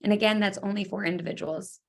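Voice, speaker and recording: A woman giving schedule details in a webinar, steady in delivery and slightly losing her voice. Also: medium pitch, fast talker, gravelly. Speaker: athletic association staff. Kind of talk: informational webinar briefing. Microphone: video call.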